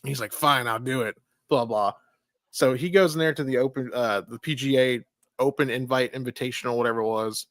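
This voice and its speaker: A man's voice: medium pitch, a little fast, no room sound, studio quality. A man co-hosting a casual film review chat, rambling, swearing freely and acting out movie lines. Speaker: podcast co-host reviewing a film.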